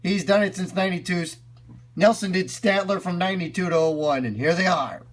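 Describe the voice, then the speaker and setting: A man's voice: high voice, brisk. Upbeat man commenting on clips. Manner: enthusiastic, explains as he goes. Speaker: video reviewer.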